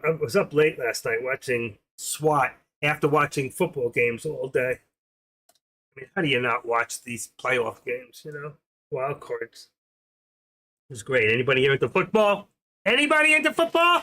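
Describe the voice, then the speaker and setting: Older male host, husky, chatty and rambling, casual livestream talk. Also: mid-range voice, fairly bright tone.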